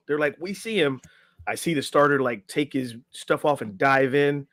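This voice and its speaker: A middle-aged man tells a story with energy and slips into quick voices for the people in it. His delivery sits at an ordinary pitch, and the dry, close recording carries almost no room sound. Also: no echo. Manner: animated storyteller acting out quotes, filler "right?". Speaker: podcast guest, health and life coach. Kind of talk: casual storytelling interview.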